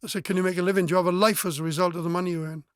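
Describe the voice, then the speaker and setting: His pitch is high and his intonation fairly even as he races through a personal anecdote. The forties-aged Welsh musician is a frank, swearing guest who acts out old conversations, heard in clean studio sound with no room tone.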